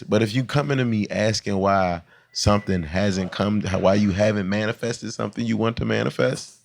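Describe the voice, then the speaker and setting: Man, lowish voice, gravelly, blunt casual chat. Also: normal speed, few pauses. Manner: blunt, emphatic, plain-spoken. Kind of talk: casual conversation.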